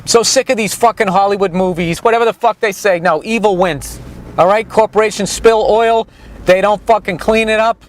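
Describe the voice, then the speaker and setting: A man's voice: high-pitched, normal speed. A man giving a comic street tour outdoors, rambling in a crude, sarcastic, ranting way. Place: outdoors on a town main street.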